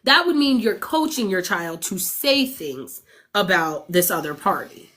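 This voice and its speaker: A woman talking straight to her livestream viewers in an average-pitched voice. She vents bluntly and swears constantly. She drives every point home and keeps checking that the audience is with her. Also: big pitch swings, measured pace, a bit bright. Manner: blunt and heavily profane; emphatic, asks the audience for agreement. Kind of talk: casual livestream venting. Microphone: streaming setup.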